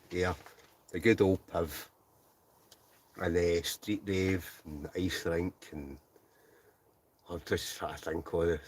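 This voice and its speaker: A man's voice: low voice, slightly rough. A Scottish man in his forties hosting a casual livestream, reading out viewers' comments, laughing often and mumbling a bit. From Scotland. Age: 40s. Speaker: livestream host. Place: inside a tent.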